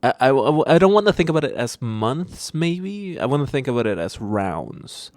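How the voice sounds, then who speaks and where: A man's voice: mid-range voice, very animated, moderate pace, darkish tone, no echo, clean studio sound. A man co-hosting a podcast in casual chat, joking and laughing often. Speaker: podcast co-host.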